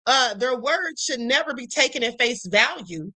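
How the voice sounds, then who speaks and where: A woman hosts a casual live stream. She reads the news aloud and breaks in with sassy, chatty remarks. Her voice is bright and sits a little high. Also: lively intonation, normal speed.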